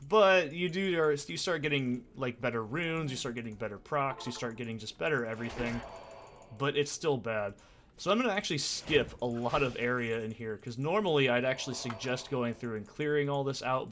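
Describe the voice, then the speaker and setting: A man's voice: mid-range voice, a bit bright, slight background noise. A young man ranting and swearing through casual commentary on his gameplay, with sarcastic asides. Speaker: let's play host.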